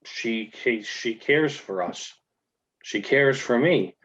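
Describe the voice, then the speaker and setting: A man's voice: mid-range voice, animated, takes it slowly, fairly bright tone. A man voicing a devoted gingerbread man servant who stammers and turns defensive. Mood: nervous. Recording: muffled lo-fi recording.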